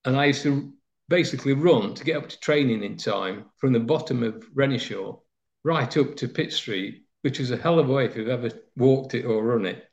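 Gravelly older man reminiscing. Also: medium pitch, normal speed. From Nottinghamshire, England. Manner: rambling, anecdotal, many fillers. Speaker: former footballer, interviewee. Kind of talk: reminiscing interview. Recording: slightly dull lo-fi sound.

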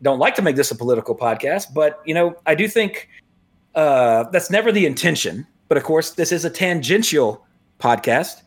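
A podcast host in his forties chatting loosely. His voice sits a touch higher than most men's. He rambles, restarts his sentences and chuckles often as he goes. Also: expressive, normal speed, breathy edge. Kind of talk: casual podcast chat.

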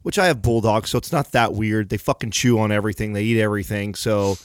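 A man's voice: on the low side, quick pace, dry recording, studio quality. A man telling a long story in casual chat, rambling and swearing freely as he goes.

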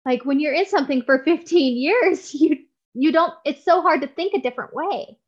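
A woman's voice: high voice, normal speed. Earnest woman guest, muffled lo-fi sound. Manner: earnest and heartfelt, with frequent restarts. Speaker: podcast guest. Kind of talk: conversational interview.

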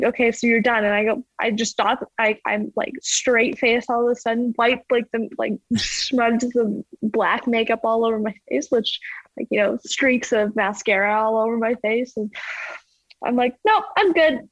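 A young woman with a fairly high voice tells stories in a relaxed interview. She rambles, leans on "like" constantly and laughs through her words. The sound is dry and close, with no room around it. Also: no echo, dull audio. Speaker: ski jumper guest. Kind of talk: casual interview storytelling.

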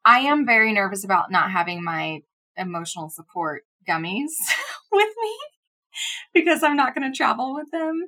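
A woman co-hosting a podcast in casual chat, telling stories with lively swoops up into quoted voices. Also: on the high side, normal speed. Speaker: podcast co-host.

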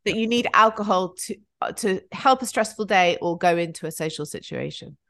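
A woman co-hosting an interview, blunt, with quick asides, asking for practical tips. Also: on the low side, fairly bright tone. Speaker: co-host. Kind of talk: conversational interview.

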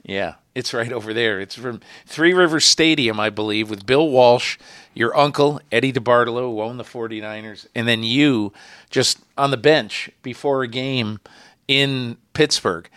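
A male podcast host interviewing a guest, telling anecdotes with lively energy and some hesitant restarts. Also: mid-range voice, normal speed, no echo, studio quality. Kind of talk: conversational interview.

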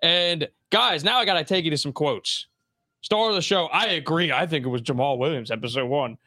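A young adult man hosting a casual sports talk show, animated and quick to jump into high voices. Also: no room sound, studio quality. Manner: animated, jumps into high voices when quoting. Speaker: podcast host.

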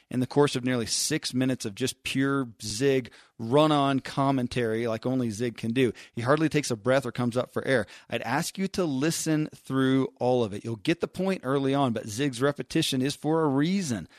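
A man hosting a podcast, introducing the next clip in a relaxed, conversational way. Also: mid-range voice, no room sound, clean studio sound. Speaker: podcast host.

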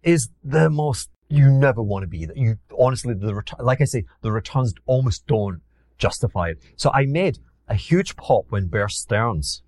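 A former hedge fund manager from Glasgow, Scotland, appears as a podcast guest and tells animated anecdotes. His voice is medium-pitched and paced normally, recorded in studio quality with no room sound. He is theatrical, acting out quotes and poking fun at himself.

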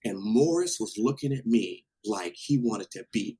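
A man casually telling a story from his past, animated and acting out what people said, with some swearing. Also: on the low side, measured pace, slightly rough, poor audio. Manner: animated, acts out quotes, swears.

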